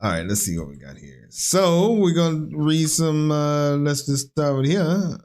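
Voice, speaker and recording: A man's voice: a little high, sing-song, unhurried, a little mellow. A man co-hosting a reaction video, chatting in a laid-back, conversational way and reading out viewer comments. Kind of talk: casual reaction chat.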